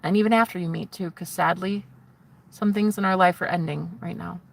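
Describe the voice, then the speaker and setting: A woman hosting her own livestream, rambling dreamily and swinging from giggly to hushed. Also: lowish voice, steady tone, brisk, creaky. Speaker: livestream host. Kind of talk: rambling live-stream chat.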